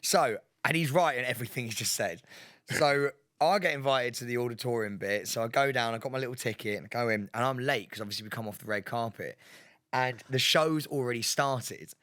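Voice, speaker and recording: A man co-hosting a podcast, telling an animated story full of laughter and acted-out quotes. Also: medium pitch, a little fast, no room sound, studio quality. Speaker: podcast co-host. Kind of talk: casual storytelling chat.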